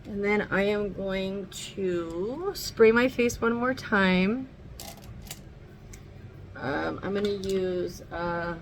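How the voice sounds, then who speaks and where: A woman's voice: fairly low pitch, a little hiss or hum, low-quality recording. A woman chatting casually through a makeup tutorial at home, rambling and swearing now and then. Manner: talks sweetly to her dog. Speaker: makeup vlogger.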